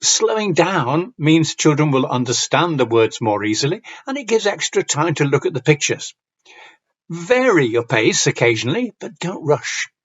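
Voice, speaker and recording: A man from Yorkshire with a Yorkshire accent, giving a conference talk on reading aloud with clear diction and a slight storytelling lilt. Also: on the high side, very animated, moderate pace, muffled recording. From Yorkshire, northern England. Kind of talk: lecture with read-aloud examples.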